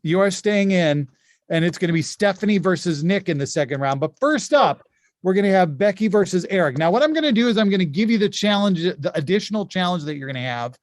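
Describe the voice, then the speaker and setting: High-voiced man hosting a comedy game. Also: expressive, no room sound, studio quality. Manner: chatty, quick asides, frequent laughs. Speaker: game show host. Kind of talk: casual improv game hosting. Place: at home.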